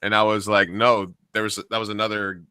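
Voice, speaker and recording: A man co-hosting a casual podcast, telling an animated story and acting out the voices of the people in it. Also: on the low side, a little fast, smooth, no room sound. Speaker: podcast co-host and karaoke host.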